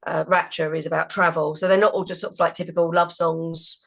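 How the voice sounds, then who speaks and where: A woman's voice: lowish voice, flat delivery, a little fast, gravelly, fairly bright tone. A woman in a band, chatting casually in an interview, with plenty of fillers. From England. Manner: chatty, laughs between thoughts, many fillers. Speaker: band member.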